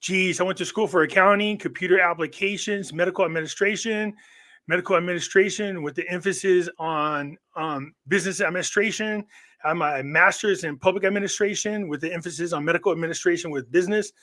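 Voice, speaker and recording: A man's voice: sits high, fairly quick, pushed and bright. A man who is a guest on a live online show, telling long stories in a rambling way and often restarting his sentences. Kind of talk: casual chat.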